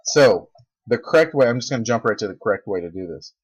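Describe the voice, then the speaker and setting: Male instructor at a desk, animated and wry, slightly low voice, muffled recording. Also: fast talker, husky. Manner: animated, joking, exasperated asides. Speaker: teacher. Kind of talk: recorded video lecture. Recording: dull lo-fi recording.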